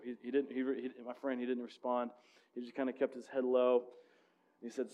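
A man preaching a sermon in a conversational, storytelling way, with frequent restarts, dropping low and rising on key points. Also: flat delivery, fairly quick, highs cut off. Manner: drops to a hushed voice when telling the story; rises and presses louder on the main points. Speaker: pastor.

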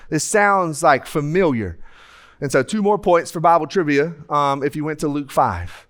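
A male preacher with a high-pitched voice, speaking into a stage microphone in a church. His sermon is humorous and folksy, and he slips into the voices of people in his stories to act them out. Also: animated, unhurried. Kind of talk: lively sermon. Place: church sanctuary.

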